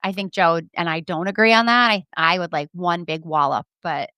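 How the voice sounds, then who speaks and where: A woman co-hosting a casual podcast, chatty with quick asides. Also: fairly low pitch, bright, forceful tone, clear, resonant tone, dry recording. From United States. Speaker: podcast co-host.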